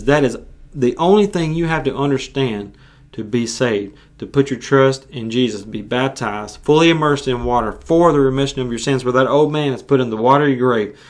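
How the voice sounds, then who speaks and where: An earnest male preacher delivering a sermon on his own podcast. His voice sits in a middle register, and he often restarts and repeats phrases as he works toward a point. The delivery is conversational rather than polished. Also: mid-range voice. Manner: earnest, repetitive, with frequent restarts.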